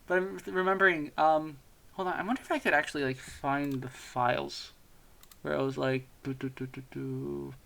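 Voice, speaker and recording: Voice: mid-range voice, fairly even intonation, moderate pace, vocal fry, fairly bright tone. A young adult streamer talks casually during a stream, laughing often between rambling thoughts. The speech is loose and profane, with frequent swearing and self-deprecating asides.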